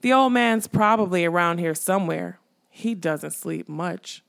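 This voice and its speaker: A woman reading an audiobook, voicing a mocking dead male skull that guards a castle, in a slow teasing drawl. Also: on the low side, gravelly.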